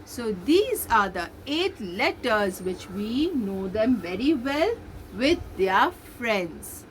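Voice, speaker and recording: A woman teaching young children as a nursery teacher, slowly repeating letter sounds in a sing-song way. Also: fairly high pitch, big pitch swings, a little hiss or hum. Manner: sing-song, slow drilled repetition of sounds. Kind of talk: recorded online lesson for young children.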